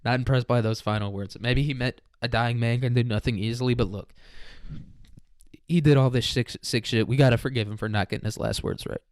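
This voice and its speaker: A man's voice: medium pitch, fairly even intonation, fairly quick, smooth, dry recording, studio quality. A young man hosting a casual solo podcast, rambling, profane and jokey. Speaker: podcast host.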